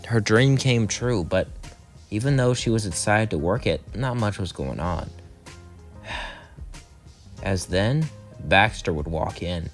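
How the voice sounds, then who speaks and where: A man with a fairly low, animated voice casually narrates a fan story, taking it slowly with long pauses over soft background music. He rambles, chaining events together with "as then," and lightly voices each character's quotes.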